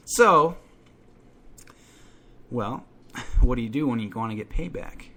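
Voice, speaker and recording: A man telling a comic story about himself in a profane, animated rant, acting out his own outbursts. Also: medium pitch, moderate pace, pauses often. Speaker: podcast storyteller. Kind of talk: comedic first-person rant.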